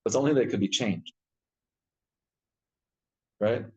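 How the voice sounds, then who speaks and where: Man, rabbi, live Torah class, animated storyteller, repeats and restarts words. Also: fairly low pitch, a little slow, low-quality recording. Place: synagogue study hall.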